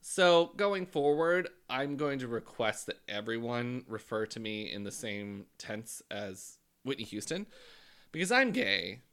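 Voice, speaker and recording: A man's voice: medium pitch, sing-song, unhurried, a bit bright, smooth. A man casually recapping a TV show with a co-host in a playful, teasing way. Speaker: podcast co-host.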